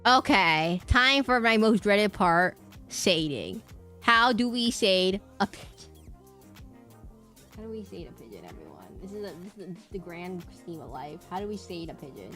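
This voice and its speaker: A woman's voice: fairly low pitch, very animated, normal speed, bright, forceful tone, faint music behind. A young woman VTuber chatting casually on a live stream while she draws, rambling playfully and repeating her words. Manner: rambling and playful, repeats words, hums and does silly bird noises.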